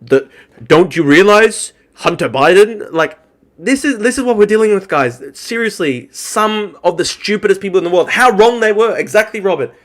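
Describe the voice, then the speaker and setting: A man rants on a live reaction stream, his voice pitched a little high. He speaks with scorn and heavy profanity, piling mockery onto his opponents. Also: animated, brisk. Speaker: political streamer.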